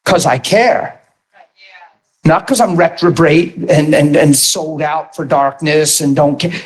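A man preaching a sermon and telling his testimony in an animated storytelling manner, bursting into shouts at times. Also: on the high side, slow.

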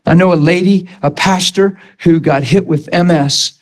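Male preacher with a high voice, fervent sermon delivery that climbs into shouting. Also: normal speed. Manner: impassioned, rising to shouts when quoting himself.

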